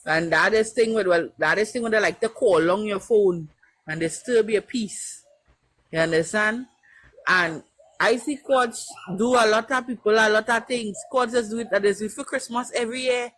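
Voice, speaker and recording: At a medium pitch and moderate pace, with a slightly bright tone, the Trinidadian-accented caller addresses the live-stream panel over poor audio. She speaks emphatically and with feeling, restating her points and repeatedly asking whether you understand.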